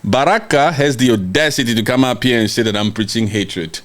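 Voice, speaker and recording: A man's voice: medium pitch, a little fast, few pauses, a bit bright. A man from Congo hosts a podcast livestream, reading viewer comments and speaking in a heated, emphatic way, often repeating words. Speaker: podcast host.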